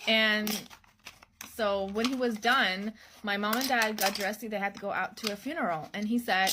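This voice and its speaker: A woman's voice: on the high side, moderate pace. Matter-of-fact woman over background noise. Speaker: storyteller. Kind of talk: casual spoken storytelling.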